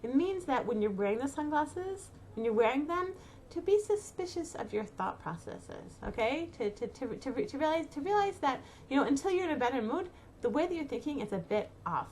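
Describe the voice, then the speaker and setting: A middle-aged woman talks casually and warmly through her advice, her voice sitting a little high. She circles through fillers and restarts, then swings into dramatic little acted-out thoughts. A faint hum of room noise sits behind her. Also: very animated, fairly quick. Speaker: inspirational speaker to mothers. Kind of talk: casual spoken advice talk.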